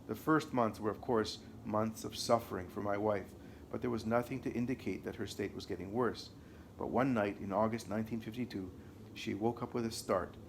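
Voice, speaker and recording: Low-ish voiced guy reading an audiobook, slow and deliberate. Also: slight background noise. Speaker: audiobook narrator. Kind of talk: first-person audiobook reading.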